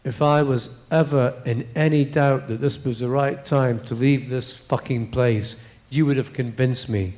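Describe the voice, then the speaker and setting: A man's voice: mid-range voice, fairly even intonation, unhurried, a little mellow, pitched below the performer's own voice, close to an everyday voice. A man voicing a curt, withdrawn young woman. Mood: bitter.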